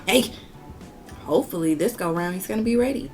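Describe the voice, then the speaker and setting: A woman beauty vlogger tells a story while she works through a makeup tutorial. Her voice sits low and mellow, with a relaxed, dark tone. She talks bluntly and swears freely, speaking straight to her viewers. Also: normal speed, faint music behind. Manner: candid and profane, talking straight to viewers. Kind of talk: casual storytime chat during a makeup tutorial.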